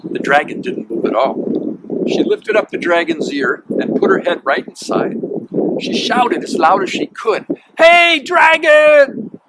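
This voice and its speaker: Guy reading a kids story, super lively ups and downs, bit high, noisy background. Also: moderate pace, gravelly. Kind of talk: reading a picture book aloud.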